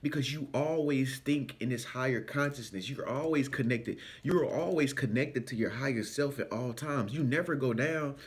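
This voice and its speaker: A man speaking in an animated, preachy, sing-song way in a motivational vlog. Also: mid-range voice, moderate pace, few pauses. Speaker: spiritual self-help vlogger.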